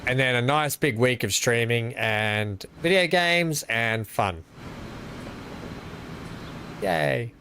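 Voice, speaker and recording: A man's voice: mid-range voice, unhurried, hardly any pauses, bright, forceful tone, slight background noise. An Australian man chatting casually to his live-stream viewers while playing, rambling and greeting them by name.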